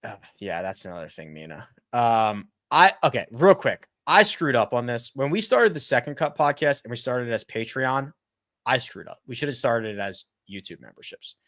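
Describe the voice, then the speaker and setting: Man host for a casual live chat: lively pitch swings, dry close sound, quick self-corrections. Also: no room sound. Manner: animated and chatty, thinks out loud with quick self-corrections. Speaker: host of a golf betting and fantasy live chat. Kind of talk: casual live-stream chat answering viewer questions.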